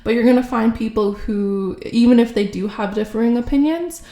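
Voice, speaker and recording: Woman, tarot reader, slow musing delivery with gravelly fry, echoey room. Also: a little high, mellow. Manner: slow, musing, many fillers. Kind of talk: casual intuitive reading to camera.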